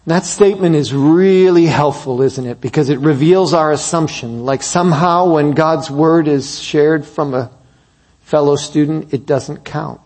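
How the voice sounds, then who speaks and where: A man preaching a sermon, telling a story that builds to emphatic peaks and drops to soft, quiet moments. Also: fairly high pitch, measured pace.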